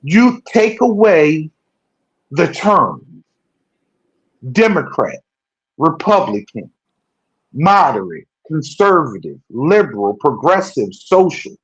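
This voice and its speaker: A man co-hosting a political talk show, rambling in casual discussion and correcting himself often, growing animated when he makes a point. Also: a little high, slow pace, long pauses, slightly rough, dry recording. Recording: dull lo-fi sound.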